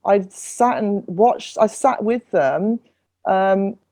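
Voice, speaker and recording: A woman's voice: medium pitch, lively intonation, takes it slowly, darkish tone. A middle-aged woman telling her story as a podcast guest, earnest and full of restarts. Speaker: singer-songwriter and refugee advocate, podcast guest. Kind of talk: conversational podcast interview.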